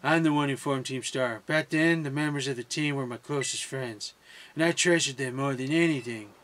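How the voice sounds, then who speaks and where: A man's voice: mid-range voice, moderate pace, a bit bright, lightly acted. A man reading aloud the lines of a secretive young female team leader. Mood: sincere.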